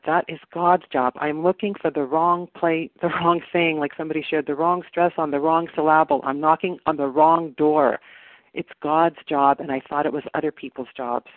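A woman's voice: sits low, no room sound. A woman giving an earnest, reflective personal share at a recovery meeting, on a phone call. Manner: earnest, reflective, slow emphatic phrases. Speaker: meeting member sharing. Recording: tinny phone line.

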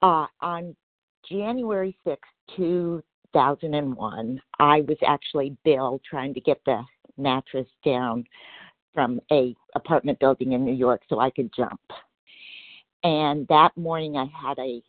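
A woman's voice: deep voice, unhurried. A woman speaks with earnest, plain-spoken sincerity as she shares on a recovery meeting call. Her voice comes through a narrow telephone line. The sound is close and dry, with no room echo. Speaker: meeting member sharing. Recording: dry phone-line audio.

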